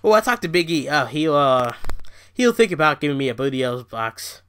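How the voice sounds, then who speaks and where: A man's voice: fairly high pitch, very animated, moderate pace, a bit bright. A man putting on a mocking impression of a gushing male wrestling commentator, with a sing-song, overexcited delivery.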